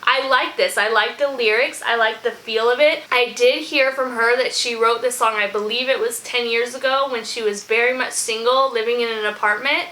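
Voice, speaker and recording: A woman hosting a music reaction vlog, rambling and thinking out loud in casual chat, now and then saying "y'all". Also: a little high, fairly even intonation, moderate pace, hardly any pauses, rough recording. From from a small country town.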